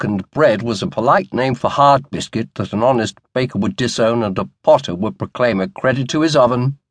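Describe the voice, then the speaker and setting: A man narrating a historical novel audiobook in a measured, wry storytelling manner. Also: fairly low pitch, no echo.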